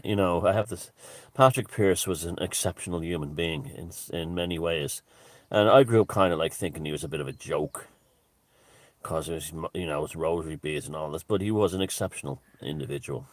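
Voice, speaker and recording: Irish man, deep and dry-voiced, vlogger; rambling, halting monologue full of asides. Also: no echo. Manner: digressive, halting, many restarts and asides.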